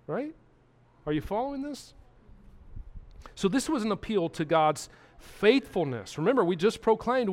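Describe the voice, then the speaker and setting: High-voiced preacher man, earnest. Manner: earnest preaching with repetition and questions to the congregation. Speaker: pastor. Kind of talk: sermon.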